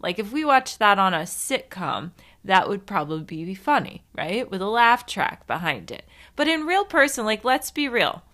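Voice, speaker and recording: A woman's voice: mid-range voice, big pitch swings, normal speed, hardly any pauses, sharp tone. A woman hosting a podcast on her own, chatting casually in a rambling, self-mocking way with some swearing. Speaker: podcast host. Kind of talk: casual solo podcast chat.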